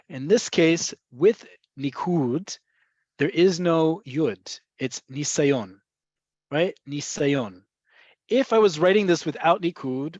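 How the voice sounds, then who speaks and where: A man's voice: medium pitch, no room sound, lo-fi sound. A man teaching a beginner-level online lesson, explaining patiently with frequent ums and checking in with "right?". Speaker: Hebrew teacher. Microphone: video call.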